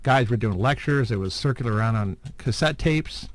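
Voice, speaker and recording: A man's voice: medium pitch, expressive, brisk. A man hosting a podcast, chatting casually in a rambling, hesitant way with many fillers and chuckles. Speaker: podcast host. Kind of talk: casual chat.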